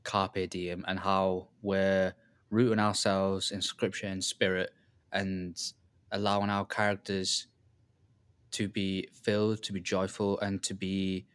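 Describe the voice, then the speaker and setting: A man co-hosting a casual faith-based podcast, speaking in a relaxed way that trails off with ums and repeated words. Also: low voice, slow pace, dry recording. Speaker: podcast co-host.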